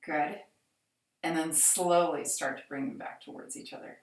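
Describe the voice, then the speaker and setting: A woman fitness instructor calmly guiding a chair exercise class with slow, reassuring cues. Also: low voice. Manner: calm, reassuring, slow cueing. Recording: echoey room, mic at a distance.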